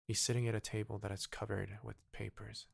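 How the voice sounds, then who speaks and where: A man with a Korean first language voicing a gentle, sorrowful statue prince in a soft, hushed, pleading way. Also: lowish voice, flat delivery, fairly quick, creaky, husky, dry recording, studio quality, exaggerated voice.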